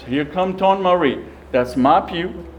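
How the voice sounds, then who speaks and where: With a crowd audible behind him and dull audio, a middle-aged deacon speaks slowly in a high-pitched voice. His storytelling to the parish is folksy and lively, he acts out what people said, and he sometimes becomes tearful.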